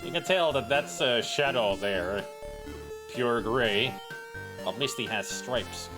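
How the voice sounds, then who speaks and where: A streamer speaks slowly in a medium-pitched voice over background music, giving casual gameplay commentary. He rambles and riffs in an animated way and swears a bit.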